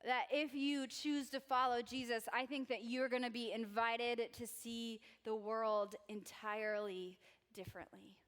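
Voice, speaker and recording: A woman's voice: on the high side, fairly even intonation, a little slow, a bit bright. A young adult woman giving a casual, bubbly sermon as a youth pastor, chatting and joking with the crowd. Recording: echoey church hall reverb.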